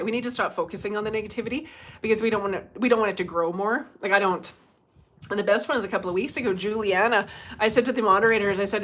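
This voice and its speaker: A woman's voice: mid-range voice, fairly bright tone. A middle-aged woman, a psychic medium, chatting casually on a livestream, laughing often and swearing bluntly.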